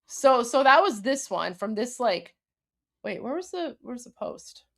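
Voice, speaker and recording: A woman's voice: on the high side, very animated, measured pace, gravelly. Emphatic woman hosting a live show. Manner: emphatic, repeats herself, many restarts. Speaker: host translating a video. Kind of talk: live commentary.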